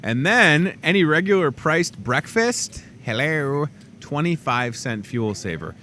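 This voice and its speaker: A man's voice: measured pace, a little hiss or hum. A man hosting a casual in-store show, chatting loosely and joking as he runs through the week's deals. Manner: chatty, joking asides, lively swings in pitch. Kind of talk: casual promo chat. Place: grocery store.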